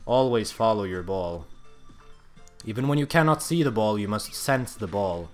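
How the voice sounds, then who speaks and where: A young man giving comedic gameplay commentary in a mock-solemn, grandiose deadpan manner. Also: on the low side, moderate pace, faint music behind.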